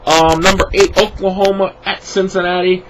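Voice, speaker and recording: A man's voice: high voice, little pitch movement, moderate pace, noisy background. A man casually rambling through his football picks, tired and yawning, with lots of fillers and restarts. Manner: rambling, many fillers, self-correcting. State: sleepy, yawning. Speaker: sports vlogger making picks. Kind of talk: casual spoken predictions.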